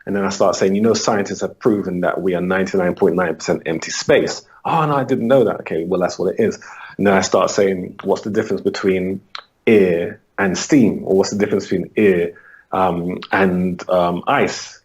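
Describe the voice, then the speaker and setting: His voice sits low, steady and slightly rough. Being interviewed as a holistic coach, the man patiently and briskly explains how he works, dramatizing his dialogues with clients along the way.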